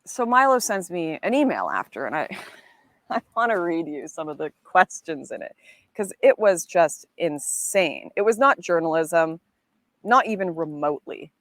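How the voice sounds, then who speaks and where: A woman narrating a documentary about her own experiences, telling events in a measured way. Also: fairly low pitch, sing-song, a bit bright, no echo. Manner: measured storytelling, voices others' words in quotes.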